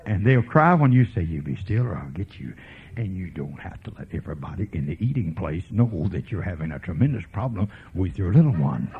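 A man preaching a revival sermon as a folksy evangelist, swinging from quiet murmurs to fervent preaching. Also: deep voice, sing-song, a little fast, few pauses, a little hiss or hum. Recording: tinny lo-fi sermon tape.

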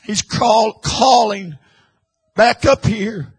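A man preaching an impassioned sermon, swinging from hushed, quiet lines to loud, shouted ones. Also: high-pitched, drawn-out words, breathy edge, rough recording.

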